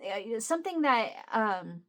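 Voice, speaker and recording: A woman's voice: a little high, sing-song, unhurried. Chatty woman telling a family story. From US Midwest. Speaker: vlogger. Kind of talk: casual chat.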